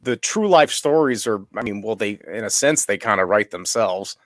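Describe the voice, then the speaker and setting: Low-voiced man chatting loosely. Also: animated, moderate pace, a bit bright, no room sound, clean studio sound. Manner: rambling, laughs often. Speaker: audio drama podcast writer. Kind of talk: casual chat on a remote call.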